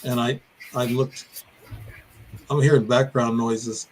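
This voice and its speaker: A man's voice: mid-range voice, flat delivery, slow pace, darkish tone, slight background noise, low-quality recording. Older man telling a winding story. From Midwestern US (Illinois). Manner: detailed, meandering storytelling with self-corrections. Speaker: podcast guest. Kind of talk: recounting a personal encounter story.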